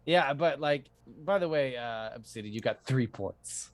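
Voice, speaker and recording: A game master narrating a tabletop role-playing game with animated storytelling and frequent laughs. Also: medium pitch, unhurried, a crowd in the background.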